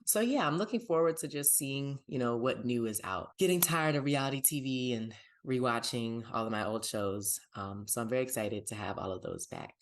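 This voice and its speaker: A man's voice: mid-range voice, moderate pace, hardly any pauses. A man hosting a pop culture podcast, chatting upbeat and casual about TV and plugging his pages. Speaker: podcast host.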